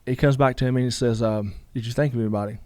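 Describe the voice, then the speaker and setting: Fast-talking man telling a story. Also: mid-range voice, fairly even intonation, warm tone, no room sound. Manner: rambling, full of "you know" asides. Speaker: guest. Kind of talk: casual storytelling interview.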